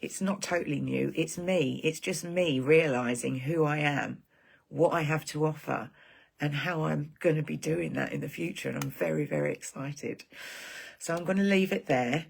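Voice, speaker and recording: A woman's voice: low voice, normal speed, creaky, slightly rough. A woman hosting a live stream for her group, talking in a rambling, heartfelt casual chat.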